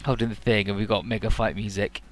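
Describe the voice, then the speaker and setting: A man casually recapping a game's story as a let's-play commentator, full of fillers and swearing, often jumping into quick mock voices for the characters. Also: on the low side, little pitch movement, soft background music.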